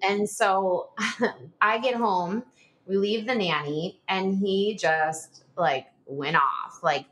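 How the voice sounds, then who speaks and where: A woman's voice: mid-range voice, slow, a bit bright. A woman in her forties telling a personal story as a podcast guest, chatty, with lots of "like" fillers and short nervous laughs.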